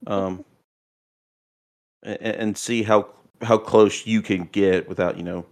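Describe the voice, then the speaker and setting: A man with a somewhat low voice runs a tabletop horror game as its game master. He narrates in halting, searching descriptions. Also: fairly even intonation.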